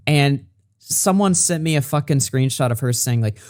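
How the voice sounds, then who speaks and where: A man's voice: on the high side, normal speed. A man chatting casually as a podcast co-host, rambling and profane. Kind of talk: casual chat.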